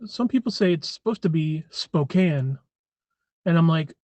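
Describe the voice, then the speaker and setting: A man chatting casually to viewers on a live stream, rambling and often clearing his throat. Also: on the high side, animated, unhurried, a little mellow, dry recording. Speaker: livestream host.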